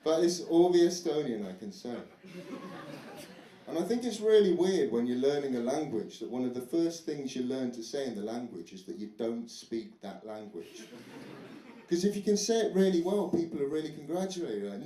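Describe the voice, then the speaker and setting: A young male comedian works the crowd in a chatty, self-mocking stand-up set, now and then putting on silly foreign voices. His voice sits a little high for a man. The sound is roomy, with steady crowd noise behind him. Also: normal speed. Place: comedy club in front of a live audience. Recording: echoey club with audience noise.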